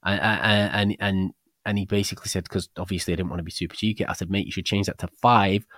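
A British man talking fast and chatty on a podcast, his voice sitting on the low side. He rambles through stories, stumbles over restarts and acts out the people in them. The sound is dry and close to the mic. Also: no room sound. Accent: British English. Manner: rambling storyteller, many restarts and animated quoted dialogue. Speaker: podcast co-host. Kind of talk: casual chat about a book.

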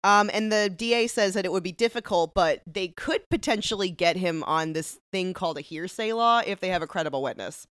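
A woman co-hosting a casual podcast recap, playful and jokey, slipping into quick impressions of characters. Her voice sits a little low for a woman and sounds dry and close to the mic. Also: fairly bright tone, clean tone, no room sound. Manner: playful, jokey, acts out lines in quotes. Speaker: podcast co-host.

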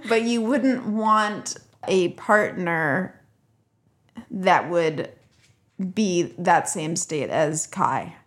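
A woman co-hosting a podcast, calmly agreeing and asking gentle follow-up questions. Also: fairly low pitch, very slow. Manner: calm, brief agreeing replies, gently probing questions. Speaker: podcast co-host. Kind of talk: casual chat.

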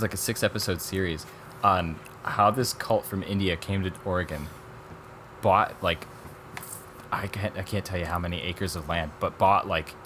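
A man casually chatting on a podcast, reviewing documentaries in an animated, rambling way and quoting people as he goes. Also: low voice, slight background noise. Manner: rambling, animated retelling with quoted voices and laughs. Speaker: podcast co-host.

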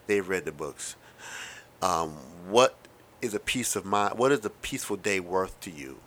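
A man's voice: on the low side, fairly bright tone. A man in his thirties hosting a casual, rambling monologue, wry and profane with lots of asides. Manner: self-described fast talker. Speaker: podcast host.

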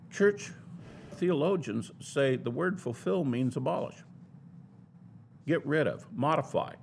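A man's voice: on the high side, creaky, a little hiss or hum. A man teaching a Bible lesson in a sermon style, building his points in an emphatic, argumentative way.

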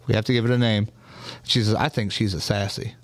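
A man hosting a casual livestream, telling stories in an animated, profane way. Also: fairly low pitch, fairly quick, slight background noise. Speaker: host.

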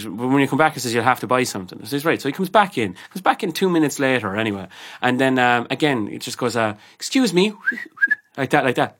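A man's voice: medium pitch, a bit bright. A man with an Irish accent, a barman co-hosting a casual chat, telling stories in a blunt, heated way with plenty of swearing. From Ireland. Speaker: barman, podcast co-host.

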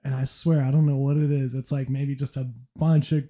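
A man hosting a podcast, chatting casually about movies and retelling scenes with animated laughter. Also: medium pitch, a little fast. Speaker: podcast host.

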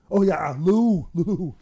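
A man's voice: sits high, dark tone, husky, pitched above the performer's own voice, heavily acted. A man doing a comic impression of a boastful bodybuilder, rambling and giggling through mock threats. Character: boastful bodybuilder impression, male, middle-aged, menacing-jolly. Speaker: comedy guest in character.

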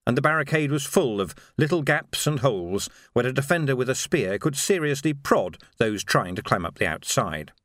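A man narrating a novel in an expressive storytelling manner. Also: mid-range voice, normal speed, hardly any pauses, no room sound, studio quality. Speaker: audiobook narrator. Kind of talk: scripted narration.

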